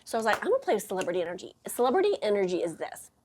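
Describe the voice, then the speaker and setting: A woman's voice: very fast, slight background noise. A woman hosting a casual chat, telling stories with lots of playful acted-out quotes. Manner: animated storyteller, acts out quotes in high voices. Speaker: podcast host.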